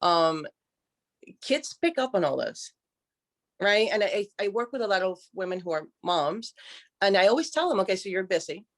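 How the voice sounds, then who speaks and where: A woman's voice: medium pitch, big pitch swings, normal speed, long pauses. A woman talking as a guest coach on a live stream, direct and emphatic, swearing freely. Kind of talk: motivational live-stream talk.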